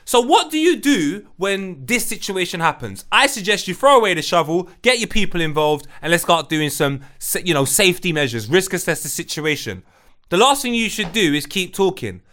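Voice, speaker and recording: Animated, high-voiced man mocking things. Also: moderate pace. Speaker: podcast host. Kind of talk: casual commentary on clips.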